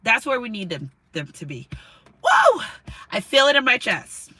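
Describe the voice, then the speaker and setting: A woman's voice: a little high, sing-song, fairly quick, bright, forceful tone, poor audio. A woman giving a tarot card reading to camera, talking in an emotional, repetitive, casual way with some swearing. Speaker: tarot reader.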